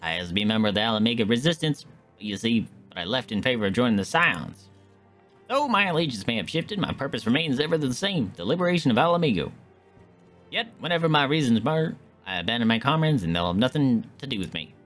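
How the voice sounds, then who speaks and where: A man's voice: very animated, racing, few pauses, sharp tone, soft background music. A man voicing an earnest male resistance veteran in a game, with a made-up theatrical accent. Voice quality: put-on accent, high and theatrical.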